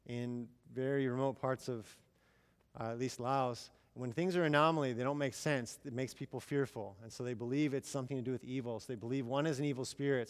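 A man in his thirties preaching in a church, in a relaxed, chatty storytelling voice. He acts out quoted dialogue and fills pauses with ums and you-knows. His voice is mid-pitched and carries a long reverberant tail from the hall. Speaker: missionary speaker. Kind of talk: sermon storytelling.

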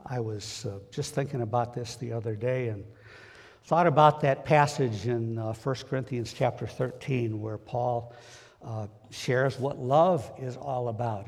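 Folksy male preacher with a husky voice, speaking plainly to the flock in a church with a long echo. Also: medium pitch, a little mellow. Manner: folksy, plain-spoken, talks directly to the congregation. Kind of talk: conversational sermon. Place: church sanctuary.

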